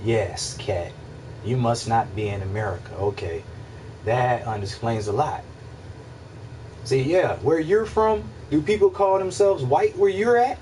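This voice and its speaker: A man's voice: mid-range voice, animated, a little slow, darkish tone. Guy on a stream rambling and cussing, mic kinda far off, little ac hum behind him. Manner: rambling, profane, repeats himself, asks listeners if they follow. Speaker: livestream host answering chat. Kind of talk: casual philosophical monologue.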